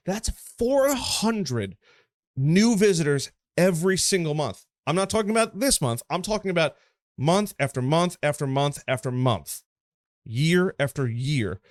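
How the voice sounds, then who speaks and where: A man coaching on marketing, talking a screen-share tutorial through in a casual, energetic, emphatic way. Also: a little high, no room sound, clean studio sound.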